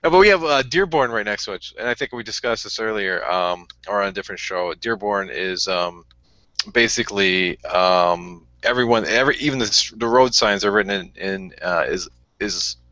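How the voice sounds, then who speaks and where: Joking podcast co-host man, bright voice. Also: fairly low pitch, a little fast, dry recording. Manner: joking, laughs often. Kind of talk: casual banter. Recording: dull lo-fi podcast audio.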